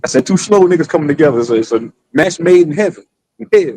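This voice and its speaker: A man's voice: a little high, lively intonation, fast, a little mellow, no room sound. A man hosting a casual stream, telling a story with lots of profanity and quoted back-and-forth. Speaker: streamer, show host.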